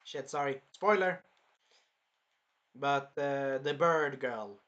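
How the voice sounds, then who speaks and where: A man's voice: medium pitch, slow, highs cut off, a little hiss or hum. A young man casually reviewing an anime episode, rambling and swearing, now and then acting out the characters. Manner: rambling, profane, animated, acts out the characters. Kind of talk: casual reaction commentary.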